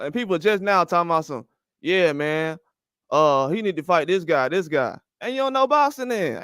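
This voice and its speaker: A man's voice: high-pitched, fairly bright tone, smooth, no room sound, studio quality. A man ranting about boxing with heated, profane speech and repeated rhetorical questions. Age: older. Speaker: boxing commentary host. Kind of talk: heated opinion rant.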